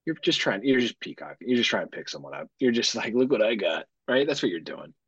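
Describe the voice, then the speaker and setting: Man in his thirties, podcast co-host. Husky, swears casually, jokey banter. Muffled sound. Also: mid-range voice, fast talker, no echo. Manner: joking, animated, swears freely. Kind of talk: casual chat.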